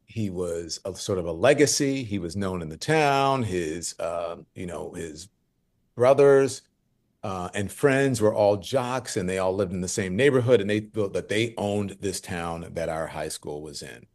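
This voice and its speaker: Male guest, 50s, from Louisiana, very low pitch, lively storyteller. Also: unhurried. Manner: animated, lively storyteller who acts out quoted voices. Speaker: guest journalist. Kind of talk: conversational interview storytelling.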